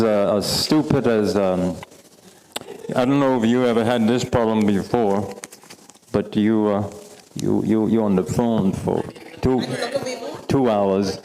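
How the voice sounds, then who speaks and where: A man with a Bahamian accent presenting a workshop to a live audience, animated and teasing, repeating phrases for emphasis. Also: mid-range voice, slight background noise, rough recording. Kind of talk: interactive workshop talk. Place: meeting room with live audience.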